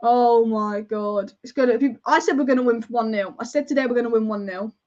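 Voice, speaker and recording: A young woman hosting a live football watch-along, excitable and casual, chanting and swearing as she reacts. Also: a little high, fast. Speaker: football fan livestream host. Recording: dull lo-fi stream audio.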